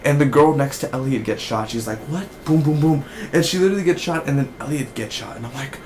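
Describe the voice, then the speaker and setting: A man hosts a casual TV review in a loose, rambling way, and his excitement spills into each point. His voice sits at an ordinary middle pitch. A faint hiss runs under the recording. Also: fast talker. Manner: rambling, excitable, acts out characters in bursts. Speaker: TV show reviewer.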